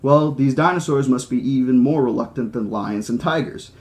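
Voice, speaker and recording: A man's voice: medium pitch, normal speed, darkish tone, close to an everyday voice. A man reading the lines of a sceptical male mathematician who questions and reasons aloud. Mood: probing.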